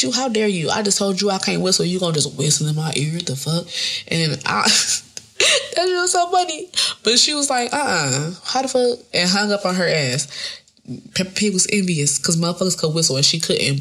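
Woman doing a rambly cussing podcast, lively up and down pitch, lowish voice. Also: gravelly. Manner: profane, rambling, laughing often. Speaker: podcast host. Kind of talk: casual solo podcast monologue.

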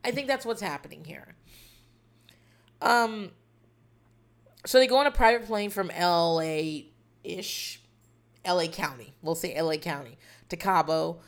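A woman's voice: fairly low pitch, unhurried, long pauses. A woman hosting a podcast who recaps a reality dating show in a rambling, wry, profane casual chat.

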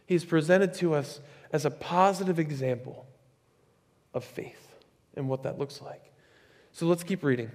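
A male pastor preaching a sermon in a conversational, animated way, with chatty asides. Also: on the high side, a little slow, long pauses. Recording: echoey hall with long reverb.

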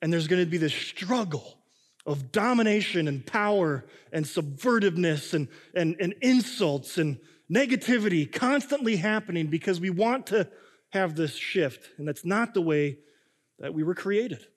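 A man in his thirties preaching to a congregation, switching between reading scripture and talking in a lively, conversational way. His voice sits a little high for a man. A long hall reverb hangs behind every line. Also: moderate pace. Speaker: pastor. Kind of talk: sermon.

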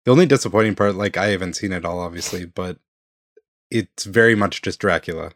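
A man co-hosting a casual podcast chat, laid-back and quick to laugh. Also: deep voice, no room sound, clean studio sound. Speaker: podcast co-host.

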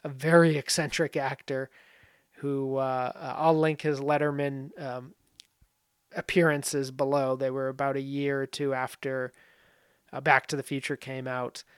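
A man's voice: mid-range voice, little pitch movement, measured pace, clean tone, no echo, clean studio sound. A man casually talking through film comparisons, rambling with many fillers and asides. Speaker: film commentary host. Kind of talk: casual spoken film analysis.

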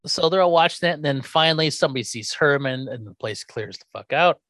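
A man's voice: a little high, fast talker, no echo. Sarcastic podcast guy recapping a movie, really up and down voice, dry close sound, swears a lot. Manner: animated, sarcastic, swears freely. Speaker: podcast co-host. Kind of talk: casual chat.

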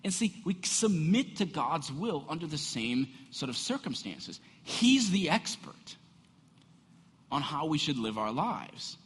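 A middle-aged man preaching, his husky voice rising and falling with wide swings of pitch. He talks to the congregation conversationally and keeps throwing rhetorical questions at them. The sound carries a long reverb, as in a large hall. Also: sing-song, unhurried, a bit bright. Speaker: pastor. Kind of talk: sermon. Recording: echoey hall.

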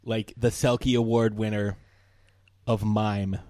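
A man in casual podcast chat, joking in a deadpan way. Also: on the low side, slow, no room sound, studio quality. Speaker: podcast co-host.

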